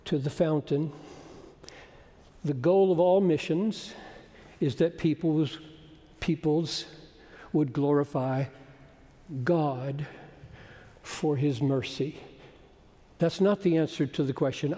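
A man preaching a sermon, moving between quiet explanation and loud, soaring emphasis. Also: on the high side. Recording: long hall reverb.

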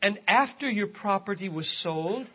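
A man's voice: sits high, expressive, measured pace, pushed and bright, slightly rough, lo-fi sound. A man preaching a sermon as pastor, stressing key words and repeating phrases, his voice rising sharply on them.

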